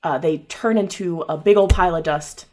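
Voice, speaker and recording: A woman's voice: lowish voice, normal speed, darkish tone, faint music behind. A woman narrating a tabletop game as game master, casual with many fillers.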